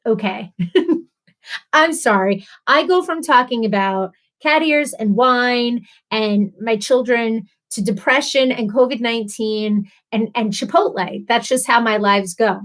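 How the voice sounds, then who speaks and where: A woman in her thirties hosting a casual livestream, chatty and bubbly, laughing often as she reads comments. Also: on the high side. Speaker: livestream host.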